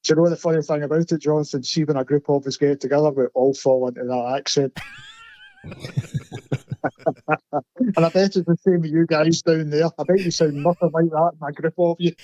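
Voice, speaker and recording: A man's voice: fairly high pitch, steady tone, fairly quick, long pauses, mellow, dry recording. Blunt Scottish man on a dull line. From Scotland. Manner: blunt, storytelling. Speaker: correspondent. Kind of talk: casual podcast chat.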